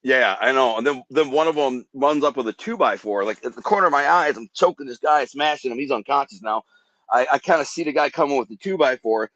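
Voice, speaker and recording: A man's voice: medium pitch, fairly quick, a bit bright, dry recording. Guy telling a wild story from his life, rambling and vivid, kinda dull dry podcast sound. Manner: vivid, rambling, acts out quoted voices. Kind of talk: intense personal storytelling.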